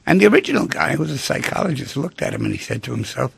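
A radio host with a heavily gravelly, husky voice delivers a talk monologue into a dry studio mic with no echo. He speaks rapid-fire with hardly any pauses, his pitch rising and falling in a lively way as he tells stories and acts out the people in them.

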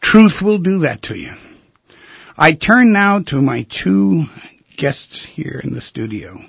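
Gravelly, husky male radio host. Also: fairly high pitch, sing-song, slow, no echo, highs cut off. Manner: emphatic, intimate storyteller who swings between loud and hushed. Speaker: radio talk show host. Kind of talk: personal storytelling on a radio talk show. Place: radio studio.

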